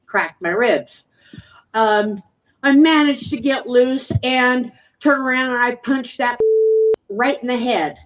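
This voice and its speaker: A woman giving public testimony, emotional and halting, with frequent pauses. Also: medium pitch, recorded from a distance, muffled recording. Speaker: resident speaking at a public meeting.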